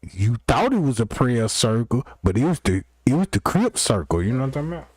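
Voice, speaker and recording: A man's voice: medium pitch, sing-song, brisk, darkish tone, slightly rough, no room sound, clean studio sound. A man hosting a livestream, rambling through a profane comic rant and constantly checking in with his listeners. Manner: rambling, keeps asking "you know what I'm talking about". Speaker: livestream host.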